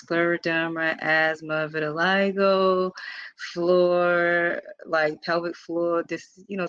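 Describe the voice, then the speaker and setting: A woman's voice: fairly low pitch, fairly bright tone, dry recording. A woman vlogger telling a personal story in a casual, earnest way, with lots of informal fillers. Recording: slightly dull, dry lo-fi recording.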